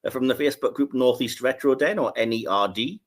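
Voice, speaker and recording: A man's voice: mid-range voice, a little fast. Guy hosting a podcast, rambly, lots of uhs, chuckles a bit. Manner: rambling, many filler words and restarts. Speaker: podcast host. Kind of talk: casual podcast chat.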